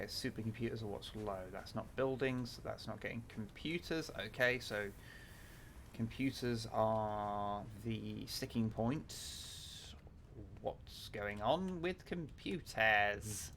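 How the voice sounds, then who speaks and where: A man's voice: on the low side, fairly bright tone, a little hiss or hum. A man, chatting casually on a gameplay livestream, thinking aloud with lots of fillers, restarts and offhand swearing. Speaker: livestreamer playing a factory-building game.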